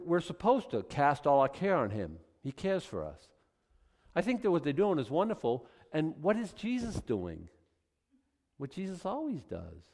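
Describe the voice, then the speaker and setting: A middle-aged man preaching a sermon as pastor, acting out little voices and asides. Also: on the high side. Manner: animated, acts out voices of God and people.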